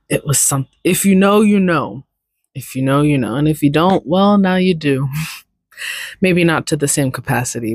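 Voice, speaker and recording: Woman podcast host, casual solo chat, unhurried and rambling, dry close sound. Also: low voice, no room sound. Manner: rambling, chatty, talks to her cat.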